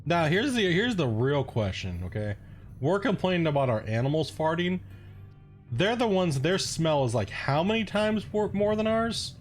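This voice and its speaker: A man's voice: a little high, very animated, normal speed, soft background music. A man hosting a gaming channel, chatting casually and rambling, swearing and laughing often while he plays. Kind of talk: casual gameplay commentary.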